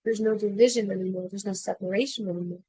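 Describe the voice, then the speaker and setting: A woman podcast host retelling an ancient myth in a dramatic, expressive way. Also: mid-range voice, quick pace, slightly rough, low-quality recording. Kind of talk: storytelling a myth.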